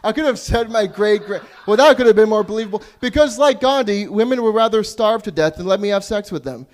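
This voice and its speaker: A man's voice: sits high, expressive, a little fast. A young Canadian man doing open mic stand-up, crude and self-deprecating, sometimes losing track of his jokes. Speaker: stand-up comedian. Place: small comedy club stage.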